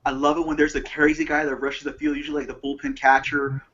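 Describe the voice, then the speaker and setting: A man, a panelist on a call, telling stories with excited enthusiasm. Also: a little high, quick pace, lo-fi sound. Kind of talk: casual panel talk over a call.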